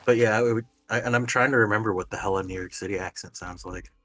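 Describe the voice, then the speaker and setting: A man talking in casual livestream voice chat. He rambles in an animated way, swears freely and laughs often. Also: on the low side, fast talker. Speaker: stream guest player. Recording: faint game music underneath.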